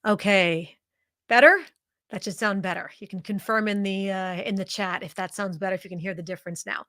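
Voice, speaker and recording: A woman presenting a live webinar as a speaking coach and podcast host. Her voice sits in an ordinary middle pitch. She talks directly and conversationally, and hammers points home by repeating them. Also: brisk, fairly bright tone. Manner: emphatic, repeats points for stress.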